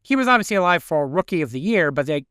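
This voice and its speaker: A man co-hosting a podcast in casual movie chat, animated and swearing freely as he talks. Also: a little high, fast, clean tone, dry recording, studio quality. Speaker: podcast co-host.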